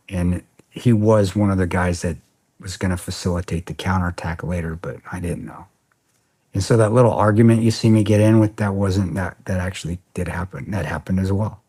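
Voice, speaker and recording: A husky, somewhat low-pitched man talks casually as a podcast guest. He tells his story in an animated, profane way and keeps tossing in "man.". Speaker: podcast guest, former soldier.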